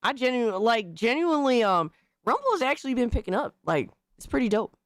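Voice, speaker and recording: A young-sounding man streams live and chats to his viewers in a hoarse, worn voice after being sick. He talks in bursts of excitement, swears freely and keeps giving shout-outs. His voice sounds close and dry. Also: very high-pitched, brisk, no room sound. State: hoarse, recovering from illness. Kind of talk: casual live-stream chat.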